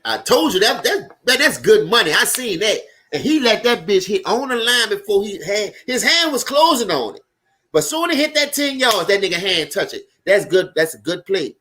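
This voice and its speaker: Over a live football game, a high-voiced man from Louisiana with a New Orleans accent talks loud and fast. He hosts a casual sports stream, swearing freely as he reacts to plays and answering viewers by name in an easygoing, animated way.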